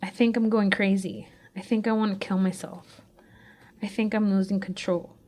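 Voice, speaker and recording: Woman, mid-pitched voice, anxious confessional memoir reading, student writer. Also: steady tone, moderate pace, a little mellow. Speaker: student reading her personal essay. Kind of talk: first-person memoir reading.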